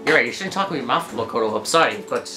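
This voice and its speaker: A woman's voice: extremely low pitch, lively intonation, rapid-fire, reverberant. A woman giving chatty let's-play commentary, often stumbling over her words as she reads game lines aloud. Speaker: gameplay commentator. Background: game music.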